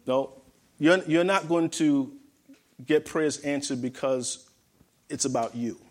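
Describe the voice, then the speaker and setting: A man preaching a sermon with a slightly high voice. He repeats his phrases for emphasis and asks his listeners questions. He drops to quiet asides and then rises to loud points. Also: slow pace, pauses often. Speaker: pastor.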